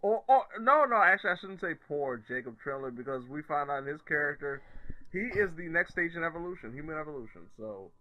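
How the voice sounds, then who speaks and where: A man's voice: a little high, very animated, a little fast, dull audio. A man co-hosting a podcast, chatting casually about films and laughing often. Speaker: podcast co-host. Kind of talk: casual film review chat.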